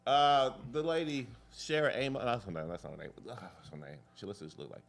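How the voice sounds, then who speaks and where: A man's voice: mid-range voice, brisk, gravelly. A man hosting a live political commentary show, talking casually, rambling off on tangents and cursing freely. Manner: rambling, jumps between tangents, curses freely.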